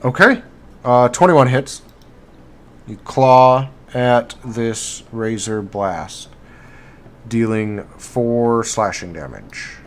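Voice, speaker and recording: A man narrating as game master for a live tabletop game, halting and filler-heavy as he describes the action. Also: mid-range voice. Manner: halting, with many fillers and restarts. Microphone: streaming mic.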